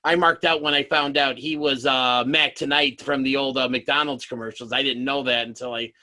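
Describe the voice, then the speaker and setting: A man's voice: medium pitch, fairly even intonation, normal speed, bright, forceful tone. A man hosting a casual interview, asking questions politely and apologizing when he interrupts. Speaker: host.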